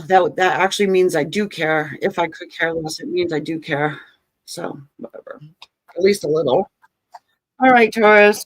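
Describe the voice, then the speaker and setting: A woman's voice: lowish voice, no echo, rough recording. A woman giving a casual tarot reading, joking and sarcastic, swearing and laughing often. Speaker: tarot reader.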